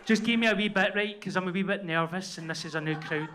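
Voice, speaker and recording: A man's voice: high voice, quick pace. A Glaswegian man telling a story as a comedian on stage, sweary and self-deprecating, often asking "right?". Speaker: comedian guest. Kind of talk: live stand-up storytelling. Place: comedy venue. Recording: live room with loud crowd and noise.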